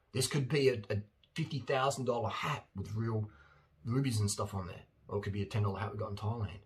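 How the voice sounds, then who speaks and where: A man, talking in a casual, blunt monologue and acting out silly voices with bursts of laughter. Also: fairly low pitch. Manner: animated, acts out silly voices and laughs often; blunt and opinionated. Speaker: vlogger.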